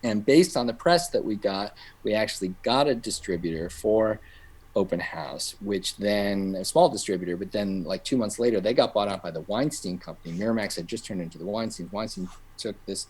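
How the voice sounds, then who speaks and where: A man's voice: on the low side, brisk, slightly rough. A middle-aged man, a guest filmmaker, telling a long anecdote in casual chat and acting out the voices of the people he quotes. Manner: animated storyteller who acts out quoted voices.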